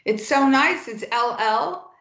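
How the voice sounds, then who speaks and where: A woman's voice: on the high side, expressive, slow pace, fairly bright tone, echoey room, a little hiss or hum, low-quality recording. A woman physician being coached over a video call, agreeing readily and repeating phrases back. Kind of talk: one-on-one coaching session.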